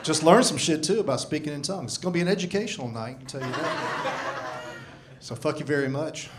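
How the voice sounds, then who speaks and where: A man's voice: a little high, sing-song, brisk, noisy background. Grumpy profane comic in his sixties. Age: 60s. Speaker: stand-up comedian. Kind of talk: stand-up comedy set. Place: comedy club stage. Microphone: handheld mic. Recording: live club with crowd laughter. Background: audience laughter.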